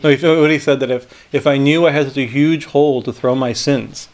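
A man, a swami, reading a spiritual text aloud and breaking off into halting commentary that often ends in a questioning "right?". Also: mid-range voice, fairly even intonation, darkish tone. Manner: halting asides, frequent "right?" tags.

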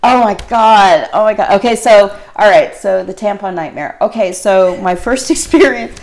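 A woman's voice: medium pitch, moderate pace, darkish tone. Giggly rambling woman telling a story. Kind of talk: casual chat.

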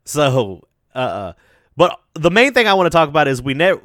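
A man chatting casually on a podcast, excitable and loose with slang. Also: on the high side, normal speed, no echo, studio quality. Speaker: podcast co-host. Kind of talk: casual chat.

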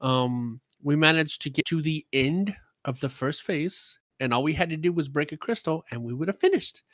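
A man with a bright, ringing voice pitched a little high, talking fast and without pause as he vents about a game. He is a gamer chatting on a podcast, recorded close and dry with no room sound. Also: dry recording. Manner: talkative, worked-up storytelling. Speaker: streamer and gamer. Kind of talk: casual podcast chat.

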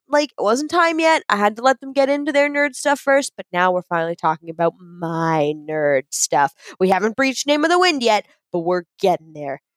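A young adult woman co-hosting a podcast in casual chat, gushing and excitable as she tells a story. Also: on the high side, no echo. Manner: excitable, gushing storyteller, fond of self-described geeking out. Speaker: podcast co-host.

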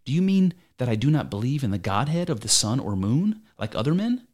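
An aging philosopher on trial, read by a man, arguing with his accuser through probing, needling questions. The voice sits at an ordinary male pitch, delivered as an amateur dramatic reading. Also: big pitch swings, fairly quick, darkish tone. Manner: argumentative, probing rhetorical questions. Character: aging male philosopher defending himself in court.

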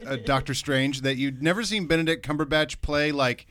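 Movie podcast cohost guy, bright and a bit high, laughs easy. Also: fairly quick, a little hiss or hum. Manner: chatty, laughs easily. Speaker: podcast co-host. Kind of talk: casual podcast chat.

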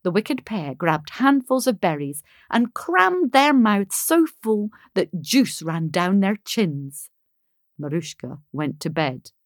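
Woman reading a fairy tale, slow and expressive, dry close sound. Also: medium pitch, no echo. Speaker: storyteller.

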